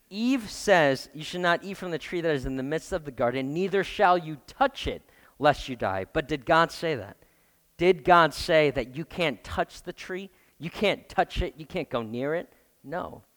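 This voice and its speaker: A man's voice: on the high side, a bit bright, big-room sound. A man preaching a sermon as pastor, emphatic, often putting questions to the congregation. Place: church.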